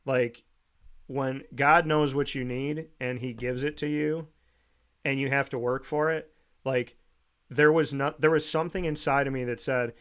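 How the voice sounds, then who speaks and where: A male show host shares a heartfelt personal story with a guest, speaking casually and earnestly. His voice is smooth and clear, sitting at an ordinary middle pitch. He pauses and restarts as he reflects. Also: fairly even intonation, a bit bright. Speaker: podcast host.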